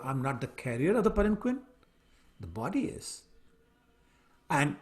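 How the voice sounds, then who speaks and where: A man voicing a calm, detached sage who patiently answers a king in a retold story. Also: on the high side.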